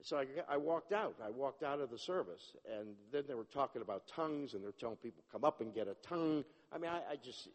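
A man giving a personal testimony, animated and acting out the dialogue, often restarting his sentences. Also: medium pitch, fast talker, few pauses. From Jewish upbringing, not a place. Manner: animated, acts out dialogue, self-interrupting. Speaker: testimony speaker. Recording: long hall reverb.

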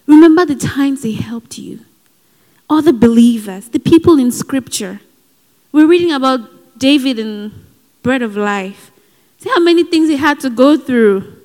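A woman's voice: sits high, expressive, unhurried, a little mellow. A woman preaching a sermon in an earnest, exhorting way, with personal asides. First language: not given. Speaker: speaker at a Christian gathering. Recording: hall with long reverb.

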